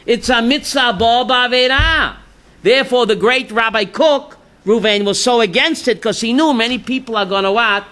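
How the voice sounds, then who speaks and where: A man teaching an informal religious class as a rabbi. He tells jokes and stories and keeps asking his listeners "right?", sometimes shouting a punchline. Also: extremely high pitch, moderate pace, clean tone.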